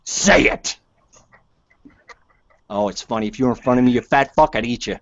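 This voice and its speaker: A man's voice: mid-range voice, steady tone, racing, dry recording. Cursing, taunting man on a dull line. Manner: cursing, taunting, shouting threats. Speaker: podcast guest. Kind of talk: heated podcast argument. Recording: dull lo-fi sound.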